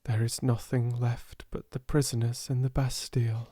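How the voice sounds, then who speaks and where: A man voicing a sad, quiet young girl who speaks softly and gravely. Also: medium pitch, level tone, normal speed, no echo, lightly acted.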